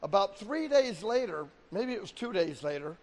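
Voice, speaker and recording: A man delivering a sermon as pastor, his voice sitting high for a man. He slips into quoted voices as he preaches, and a long reverb rings behind him in a big hall. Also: sing-song, normal speed, a little mellow. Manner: preaching with acted-out quotes of God and people.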